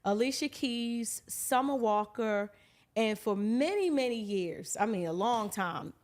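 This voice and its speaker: A woman in her forties from Baltimore chats as a podcast guest. Her voice sits a little high, and she reels off names and ideas in quick, affirming runs. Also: animated. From Baltimore, USA. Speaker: guest songwriter. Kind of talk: casual interview chat.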